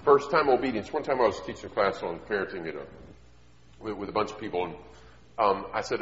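Preacher guy telling parenting stories, lively and bright, echoey hall, kinda muffled. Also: fairly low pitch, brisk. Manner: storytelling, animated, asks the audience questions. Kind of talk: sermon. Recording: echoey hall, dull sound.

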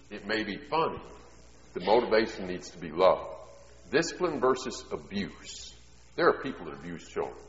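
A middle-aged man preaching a sermon, telling homely stories in a conversational way that swells into loud, emphatic preaching. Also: low-pitched. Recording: echoey hall, dull sound.

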